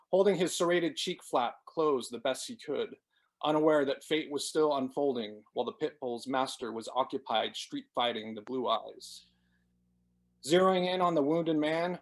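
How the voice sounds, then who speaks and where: A man, the author, reading his novel aloud in a steady, measured way. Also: fairly high pitch. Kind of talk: dramatic book reading.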